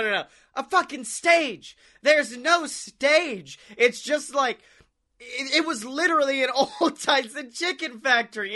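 A man with a high, bright, sharp voice tells a rambling story on a podcast. He swears freely, laughs a lot and acts out what people said to him. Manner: rambling, profane, laughs often, acts out quotes. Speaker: podcast co-host. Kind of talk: casual storytelling chat.

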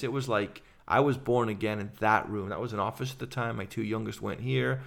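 A middle-aged man with an English accent, a podcast guest telling his story in fast, animated run-on sentences. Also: mid-range voice, vocal fry. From England. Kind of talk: casual conversation.

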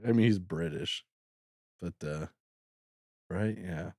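A man's voice: low-pitched, slow, darkish tone, slightly rough, no room sound, clean studio sound. A man co-hosting a casual book podcast, laughing often and talking with many fillers and self-deprecating asides. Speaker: podcast co-host. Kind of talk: casual chat about a book.

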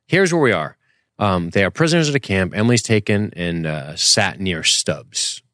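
Male podcast co-host, lowish voice, dry close sound, casual and profane. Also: animated, normal speed, a bit bright, no room sound. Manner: joking, profane, acts out quotes from the show. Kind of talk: casual recap chat.

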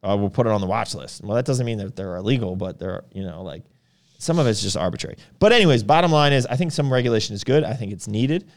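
A man co-hosting a casual podcast, talking in a relaxed, rambling way with lots of fillers. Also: medium pitch, quick pace. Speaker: podcast co-host, supplement store owner.

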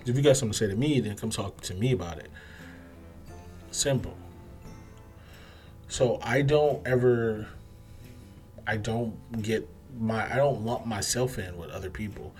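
A man's voice: fairly low pitch, a little slow, pauses often, a little mellow, soft background music. A man hosting a podcast, talking through his views in a casual, emphatic monologue. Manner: emphatic, conversational, acts out other people's replies. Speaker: podcast host.

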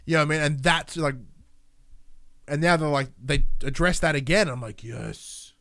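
A man's voice: on the high side, moderate pace, fairly bright tone, no echo, studio quality. A man in casual chat, rambling and opinionated, often restarting his sentences and swearing casually.

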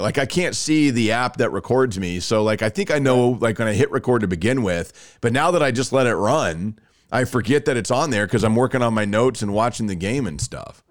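Lively, animated male podcast host. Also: medium pitch, dry recording, clean studio sound. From Alabama, US. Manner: animated, self-mocking storyteller. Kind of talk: casual sports talk.

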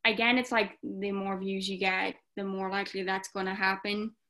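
A woman's voice: medium pitch, level tone, moderate pace, sharp tone. Chatty young Irish woman. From Ireland. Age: young adult. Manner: chatty, many fillers, acts out comments in quoted voices. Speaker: guest content creator. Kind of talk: casual podcast chat.

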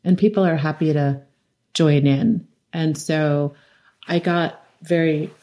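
A middle-aged documentary director with a low, dark voice appears as a guest in a conversational interview, speaking slowly and in a steady tone. She tells her stories with animation, imitating the voices of people she quotes and laughing often.

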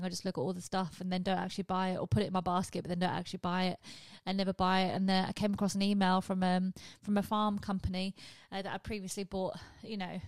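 A woman hosts her own podcast, spinning comic confessional stories at a quick clip. She is frank and sweary and mocks herself freely. The sound is close and dry, with no room around her. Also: medium pitch, no echo. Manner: frank, sweary, self-mocking. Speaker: podcast host.

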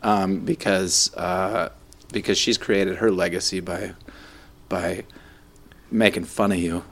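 A man's voice: sits low, steady tone, slow, creaky. A man co-hosting a podcast in casual chat, joking and rambling with restarts. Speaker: podcast co-host. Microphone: studio headphones and microphones.

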